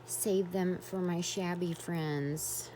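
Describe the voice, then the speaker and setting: A woman's voice: fairly low pitch, steady tone, slow, warm tone, a little hiss or hum. A woman vlogging as she unboxes a craft swap, gushing with effusive exclamations in casual chat.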